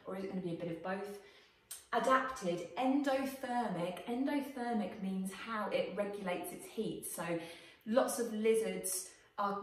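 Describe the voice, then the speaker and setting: A woman teacher explaining a writing task to her pupils in a clear, questioning way, recorded for a video lesson. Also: medium pitch, distant mic. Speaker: primary school teacher. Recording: echoey room, voice off-mic.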